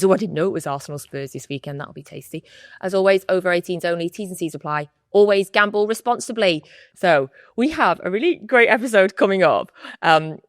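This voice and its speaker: Lively woman hosting a podcast. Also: fairly low pitch, brisk, dry recording, studio quality, soft background music. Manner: chatty, laughs easily. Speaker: podcast host. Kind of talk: casual football podcast chat.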